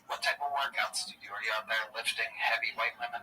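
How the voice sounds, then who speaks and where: A man's voice: on the low side, steady tone, fast, over music. Teasing, mock-stern male host. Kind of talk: provocative comedic interview. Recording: distant mic with loud background noise.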